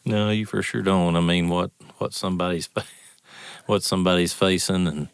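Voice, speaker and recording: A man co-hosting a podcast, speaking in a reflective, halting way. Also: deep voice, fairly even intonation, vocal fry, clear, resonant tone, no echo, studio quality. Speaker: podcast co-host. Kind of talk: casual conversation.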